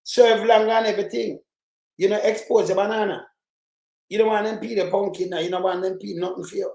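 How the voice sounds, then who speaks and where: Jamaican male commentator, high voice, animated and rambling, roomy echo. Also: quick pace, vocal fry. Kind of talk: casual commentary in patois.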